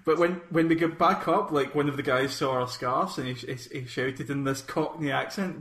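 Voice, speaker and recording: A man from Scotland co-hosting a casual podcast chat, talking in halting bursts with many restarts. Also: on the high side, a bit bright. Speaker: podcast co-host. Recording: roomy echo.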